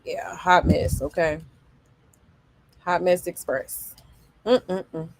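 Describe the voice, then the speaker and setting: A woman hosting celebrity gossip, casually reacting to clips and comments in a sassy drawl with loud laughs. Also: on the low side, fairly even intonation, very slow, gravelly.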